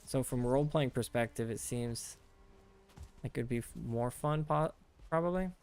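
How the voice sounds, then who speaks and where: A man's voice: mid-range voice, normal speed, a little mellow, clear, resonant tone. An American man chatting casually with his stream chat while playing a game, rambling and talking things through as he goes. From United States.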